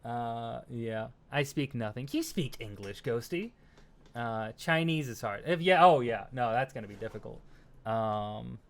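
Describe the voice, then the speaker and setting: Smooth-voiced American man chatting on stream. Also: medium pitch. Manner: rambling and self-deprecating, lots of fillers and laughs. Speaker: streamer host. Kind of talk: casual stream chat reading viewer comments.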